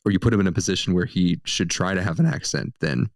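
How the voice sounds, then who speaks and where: Low-voiced, joking podcast guy. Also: quick pace, dry recording, studio quality. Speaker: podcast co-host. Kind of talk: casual movie review chat.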